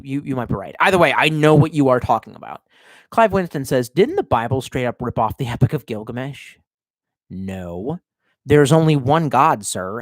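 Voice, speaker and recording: A man's voice: mid-range voice, dry recording, studio quality. A man livestreaming and reading viewer chat, rambling casually and swearing a lot while drinking. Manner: profane, rambling, sardonic. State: drinking, tipsy.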